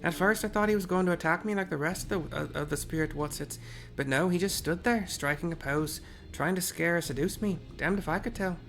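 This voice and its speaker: A man's voice: fairly high pitch, brisk, a bit bright, faint music behind, pitched above the performer's own voice. A man doing a brash little warrior woman. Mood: brusque. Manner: brash and dismissive. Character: small gruff tavern-loving female warrior, brusque.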